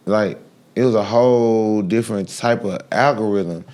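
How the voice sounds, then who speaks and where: A man, guest on a podcast interview, talking in a brash, animated way with loud bursts of laughter. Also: fairly low pitch, normal speed. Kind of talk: casual interview talk.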